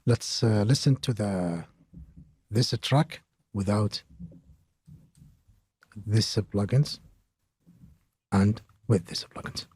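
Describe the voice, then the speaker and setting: Halting, soft-spoken man explaining audio plugins. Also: on the low side, breathy edge, no echo. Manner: halting, many filler pauses. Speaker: mixing tutorial host. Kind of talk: audio production tutorial.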